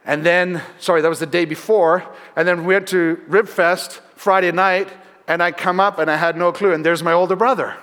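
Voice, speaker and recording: A man preaching a sermon in a church, telling the story earnestly and often dropping softer for emphasis. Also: sits high, steady tone, moderate pace. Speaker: pastor. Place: church sanctuary. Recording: long hall reverb.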